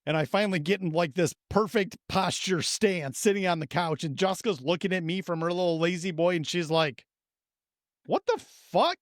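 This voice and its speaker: A man in his thirties co-hosting a podcast, telling a profane, animated story and acting out his own reactions. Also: high voice, fairly quick, few pauses, no room sound, studio quality. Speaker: podcast co-host. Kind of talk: casual storytelling chat.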